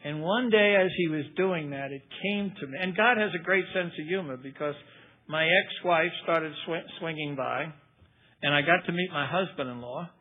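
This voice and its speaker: A man's voice: a little high, moderate pace, slight background noise. An older man giving a personal recovery testimony, telling his story in a folksy way and acting out the people he quotes. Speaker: recovery speaker. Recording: tinny phone-like recording.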